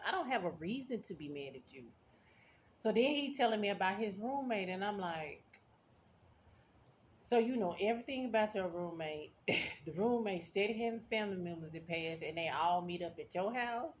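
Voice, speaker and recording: A woman's voice: medium pitch, animated, normal speed. Sassy woman telling a story. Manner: laughing often, sassy and blunt, addressing viewers as y'all. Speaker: vlogger. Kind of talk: casual storytime chat. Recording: dull lo-fi sound with faint background noise.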